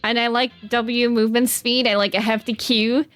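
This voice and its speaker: A woman's voice: a little high, little pitch movement, moderate pace, fairly bright tone, no room sound, soft background music. A young woman with a Southern American accent, chatting casually with her live-stream chat in a bubbly, dramatic way. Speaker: VTuber streamer reading chat.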